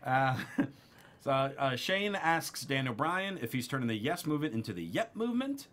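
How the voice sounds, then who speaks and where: A man co-hosting a wrestling after-show, recapping the episode in a lively, laughing chat. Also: mid-range voice, normal speed. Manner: animated, laughs often while recapping. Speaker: co-host.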